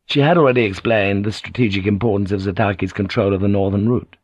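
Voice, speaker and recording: A man reading a novel aloud as narrator, in steady, even storytelling. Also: on the low side, fast talker, hardly any pauses, dry recording, muffled recording. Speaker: audiobook narrator. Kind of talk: scripted narration.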